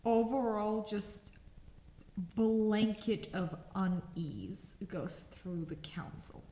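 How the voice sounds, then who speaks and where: A woman game master narrating a tabletop game with slow, dramatic scene-setting. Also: mid-range voice, warm tone. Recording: echoey room.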